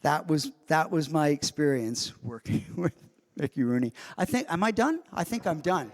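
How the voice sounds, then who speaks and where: A man telling an anecdote to a live convention audience as guest of honor, acting out the quoted lines with animated delivery. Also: fairly high pitch, normal speed. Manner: animated storyteller who acts out quoted lines. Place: convention hall. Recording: long reverb of a large hall.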